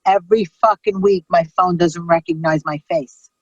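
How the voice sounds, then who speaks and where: A middle-aged woman comedian, telling stories in a brash, profane, animated way. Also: lowish voice, moderate pace, slightly rough, dry recording, dull audio. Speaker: comedian guest. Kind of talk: casual storytelling chat.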